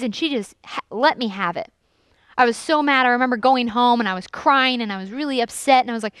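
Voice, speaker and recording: A young woman youth pastor preaches, telling stories earnestly and leaning into key lines. Her voice sits a little high and comes through smooth and clear. The sound is dry and close. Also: fast, no echo. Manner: earnest storytelling with lively emphasis. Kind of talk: sermon.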